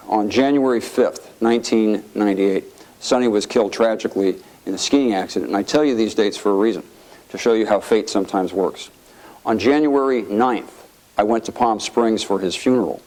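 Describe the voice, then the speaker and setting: A middle-aged former congressman tells anecdotes to an audience, a lively storyteller who acts out quotes with a raised voice. His pitch is fairly low and his pace fairly quick, on a low-quality recording.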